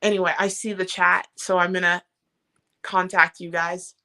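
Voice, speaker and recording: A woman hosting a live stream, chatting casually and warmly while reading out viewer comments. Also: fairly low pitch, flat delivery, moderate pace. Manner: warm, encouraging, reads chat comments aloud.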